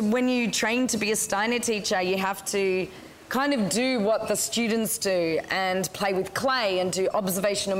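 A young woman telling a casual story, lively and blunt, swearing freely and acting out the people she quotes. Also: mid-range voice, a little hiss or hum, poor audio.

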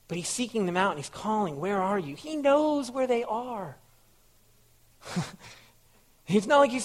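Guy preaching a sermon, kinda high voice, earnest, keeps repeating himself for emphasis. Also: fairly bright tone. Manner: earnest, repeats phrases for emphasis, asks the listeners questions. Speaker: pastor.

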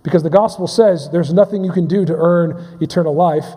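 Mellow and slightly rough, this man's voice sits on the high side as he preaches to his congregation as pastor. He halts, repeats words, restarts phrases and asks questions, with a large hall's long reverb around him.

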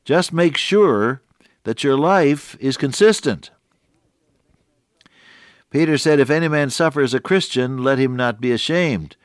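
A man's voice: medium pitch, expressive, a little slow, pauses often, no room sound, clean studio sound. A man preaching a radio sermon in a folksy, earnest way, stretching out key words for emphasis.

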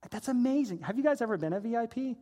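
A man's voice: very high voice, expressive, very fast, warm tone. A man in his forties preaching a sermon, telling a playful personal anecdote and acting out the voices in it. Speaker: pastor.

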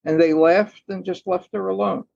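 A man's voice: high-pitched, steady tone, moderate pace, gravelly, darkish tone, highs cut off. A man telling stories as a guest on a podcast interview, thoughtful, acting out the lines of the people in them. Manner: thoughtful storyteller, acts out quoted lines. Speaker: guest author.

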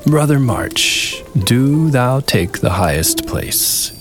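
A man voicing a kindly male spirit of a spring month in a slow, lifted, gentle voice. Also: medium pitch, very animated, voice pushed up. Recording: voice over clear background music.

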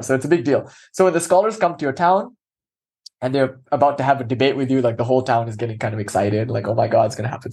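A man's voice: mid-range voice, a little mellow. A man teaching a class, telling a story in a casual, filler-heavy way.

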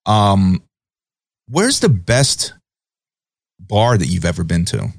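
Laid-back male host, lowish voice, dry close sound, casual questions. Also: slow, vocal fry, husky, no room sound. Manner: relaxed, easygoing questions. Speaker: podcast host. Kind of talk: casual interview.

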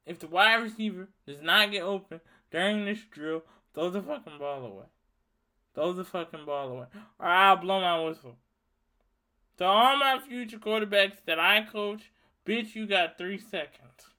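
A young man in his twenties from Louisiana, hosting a solo podcast and telling a story in a heated, profane, animated rant. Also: high-pitched, normal speed. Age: 20s. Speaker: podcast host. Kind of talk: ranting solo monologue.

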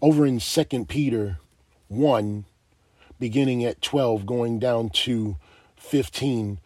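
A man's voice: medium pitch, slow pace, darkish tone, breathy edge, no room sound. A man preaching a sermon, emphatic and asking his listeners direct questions.

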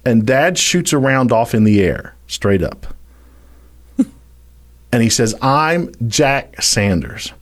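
A man's voice: medium pitch, animated, slow, pauses often. Folksy Louisiana man telling a story. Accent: Louisiana Southern US. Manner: folksy, dramatic, addresses listeners as y'all. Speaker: storyteller guest. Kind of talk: animated storytelling.

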